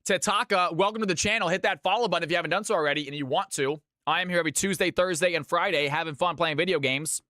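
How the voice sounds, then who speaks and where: Bright, hyped male streamer. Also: fast talker, hardly any pauses, no echo, studio quality. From Georgia, US. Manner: high-energy, hyped. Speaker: streamer and game caster. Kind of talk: live game-stream casting and chat.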